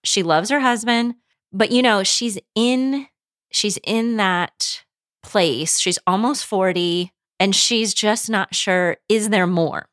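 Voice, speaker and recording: A woman's voice: mid-range voice, takes it slowly, fairly bright tone, dry recording, clean studio sound. A woman co-hosting a casual book chat, enthusiastic and conversational. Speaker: podcast co-host.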